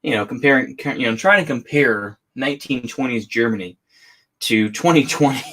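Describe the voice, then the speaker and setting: A man reading a memoir aloud in a relaxed, halting way, pausing to fix his misreadings and add casual asides. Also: medium pitch. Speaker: audiobook reader.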